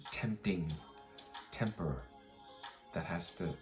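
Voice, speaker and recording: Deep-voiced man venting in a vlog. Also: slow pace, music in the background. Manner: rambling, restarts, swears, firm retelling. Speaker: vlogger. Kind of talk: casual storytelling vlog.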